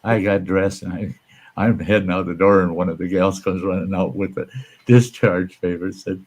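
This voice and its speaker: A man's voice: deep voice, little pitch movement, normal speed, a little mellow. A man hosting a casual livestream chat, telling stories bluntly with plenty of swearing and acting out the people in them. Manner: blunt, profane, acts out the people in his stories. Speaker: livestream host.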